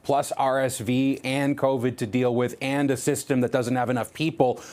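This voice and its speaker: A man's voice: medium pitch, flat delivery, moderate pace, a little mellow. A male news reporter explaining a story live on air in a conversational, explanatory way, with occasional restarts.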